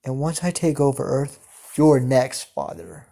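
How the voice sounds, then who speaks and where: A man voicing a sarcastic, malicious male demon, son of the devil, with slow, halting delivery. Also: medium pitch, steady tone, mellow. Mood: vengeful. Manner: slow, halting, full of ums. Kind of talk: reading a fan story aloud.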